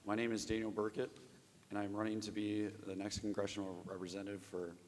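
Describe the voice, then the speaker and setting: A man in his thirties from Ohio giving a prepared opening statement as a candidate, his voice going hoarse. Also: fairly low pitch, little pitch movement, brisk, a little mellow, a little hiss or hum. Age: 30s. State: losing his voice. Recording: long reverb of a hall.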